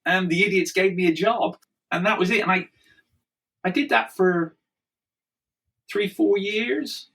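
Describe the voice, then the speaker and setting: A man with an Irish accent, a guest telling anecdotes in an animated, laughing way. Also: sits high, measured pace, gravelly, pauses often, recorded from a distance, poor audio. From Ireland. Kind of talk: storytelling in conversation.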